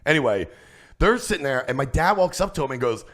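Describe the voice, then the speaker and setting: Profane, animated man telling stories. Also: medium pitch, fast talker. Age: 30s. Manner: profane, animated storyteller acting out quotes. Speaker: comedian guest. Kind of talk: casual podcast storytelling.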